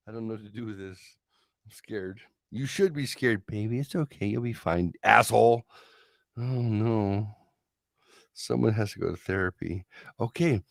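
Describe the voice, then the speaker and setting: A man's voice: on the low side, gravelly, dry recording, clean studio sound. A man hosting a live stream, reacting to results with profane, incredulous, theatrical commentary. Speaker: streamer host.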